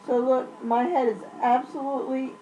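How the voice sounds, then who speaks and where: A woman's voice: sits high, level tone, normal speed, mellow, muffled recording, slight background noise. A woman vlogging, unwell during a flare-up, venting in a blunt, profane, exasperated rant. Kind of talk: ranting vlog.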